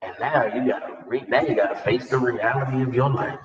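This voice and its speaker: A man's voice: medium pitch, fairly quick, a little hiss or hum. A man preaching a blunt sermon full of street slang. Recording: distant, echoey, dull recording.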